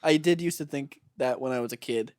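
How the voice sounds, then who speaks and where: A man's voice: medium pitch, a little fast, darkish tone, no echo. Giggly easygoing man, dry sound. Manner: giggly, easygoing, laughs often. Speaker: podcast co-host. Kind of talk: casual chat.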